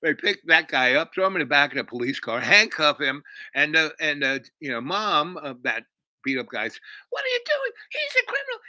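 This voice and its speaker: A man's voice: fairly high pitch, normal speed, pushed and bright, no echo, low-quality recording. Man rambling through a story. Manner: rambling, many fillers and restarts. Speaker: host. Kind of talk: casual storytelling.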